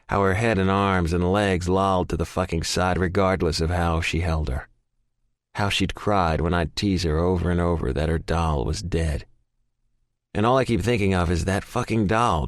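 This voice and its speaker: A man's voice: low voice, dry recording, clean studio sound. A man narrating a first-person audiobook in an intense, emotional way. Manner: intense, emotional, frequent swearing.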